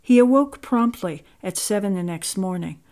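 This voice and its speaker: A woman reading a story aloud in a measured, expressive narrating voice. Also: medium pitch.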